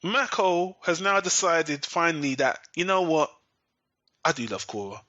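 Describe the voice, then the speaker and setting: A man's voice: on the high side, animated, a little slow, sharp tone, no echo. A man hosting a podcast, recapping an episode in a sarcastic, profane, exasperated way. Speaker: podcast host. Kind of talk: casual recap and rant. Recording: dull lo-fi recording, dry.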